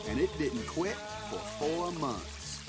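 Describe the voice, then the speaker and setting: An actor playing a simple-hearted man, narrating his life slowly and plainly in a film. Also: fairly high pitch, animated, over loud music. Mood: earnest. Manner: slow, plain, earnest storytelling. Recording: film narration over loud score.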